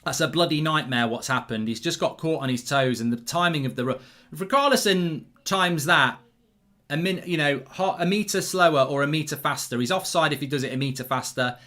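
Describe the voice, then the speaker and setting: Bright, excitable football host. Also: male voice, a little high, normal speed. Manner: chatty, excitable, rambling, reads out viewer comments. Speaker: host of a live football watchalong. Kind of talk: live football watchalong commentary.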